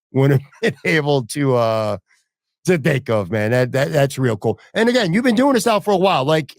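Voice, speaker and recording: A man's voice: mid-range voice, no room sound. Chatty male podcast host, dry sound. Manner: chatty, rambling questions with fillers. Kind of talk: casual podcast interview.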